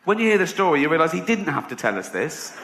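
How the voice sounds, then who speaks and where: A man's voice: on the high side, sing-song, quick pace, gravelly, fairly bright tone. A middle-aged man from England, doing brash, profane stand-up storytelling. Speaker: comedian. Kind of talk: stand-up comedy. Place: live comedy venue. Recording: echoey live venue with room noise.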